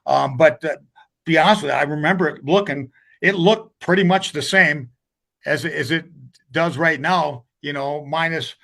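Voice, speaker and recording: A man's voice: fairly high pitch, moderate pace, vocal fry, a bit bright. An older man, a hockey coach telling rambling stories in a casual interview, with many restarts.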